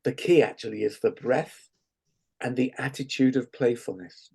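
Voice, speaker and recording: A man leading a guided laughter exercise over a video call, playful and gently coaxing, often laughing. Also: mid-range voice, normal speed, creaky, slightly rough. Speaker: laughter workshop leader.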